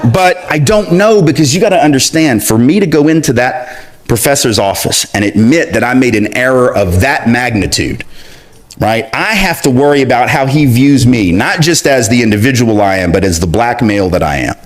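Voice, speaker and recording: A man's voice: medium pitch, animated, moderate pace. Conversational man telling a self-mocking story. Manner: conversational, with asides like "right?". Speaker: speaker. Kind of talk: storytelling talk.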